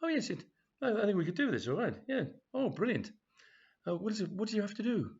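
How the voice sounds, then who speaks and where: A man voicing an excitable woman friend who stammers out rushed, eager questions in a husky voice. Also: sits high, pitched above the performer's own voice, heavily acted. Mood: excited. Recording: dull, lo-fi home recording.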